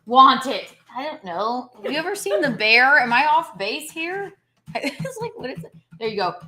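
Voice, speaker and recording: A woman's voice: sits high, very animated, moderate pace, pushed and bright. A young woman hosting a casual cooking show, joking and chatting playfully while she cooks. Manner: playful, joking, chanting chopping sounds.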